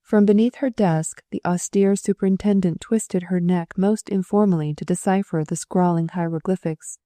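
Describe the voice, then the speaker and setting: A woman narrating an audiobook in a measured, expressive reading. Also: on the low side, no echo, clean studio sound. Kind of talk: storybook narration.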